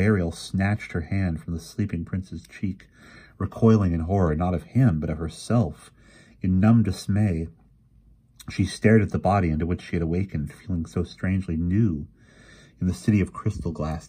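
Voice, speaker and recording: A man reading a fantasy novel aloud in a quiet, even storytelling manner. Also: low voice, moderate pace, slightly rough. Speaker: reader. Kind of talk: audiobook reading.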